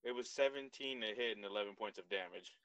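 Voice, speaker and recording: A laid-back man playing a tabletop game who chuckles as he describes what he does. His voice is bright, and it is recorded close up and dry. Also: lowish voice, fast, clean tone, dry recording, rough recording. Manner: laid-back, jokey, laughs while describing actions. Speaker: player. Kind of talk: casual tabletop play.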